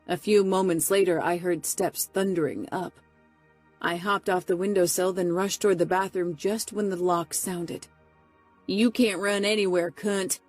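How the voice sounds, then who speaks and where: A woman narrating a first-person romance audiobook in a steady, close delivery. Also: on the low side, slightly rough.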